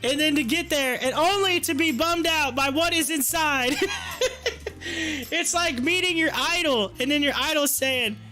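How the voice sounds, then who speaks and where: A man hosting a live stream and reading viewer chat aloud, animated, laughing often and repeating his phrases. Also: very high-pitched, measured pace, faint music behind.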